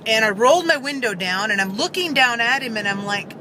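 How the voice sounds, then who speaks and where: A woman's voice: a little high, expressive, fairly quick, sharp tone, a little hiss or hum, rough recording. A woman vlogger earnestly telling a story to camera, rambling with many fillers and restarts, seated in a car.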